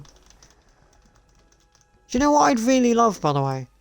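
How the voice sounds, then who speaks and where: A man's voice: very high-pitched, very animated, moderate pace, creaky. A man streaming live, ranting in a sarcastic, profane and repetitive way. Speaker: gaming streamer. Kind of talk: casual live-stream rant.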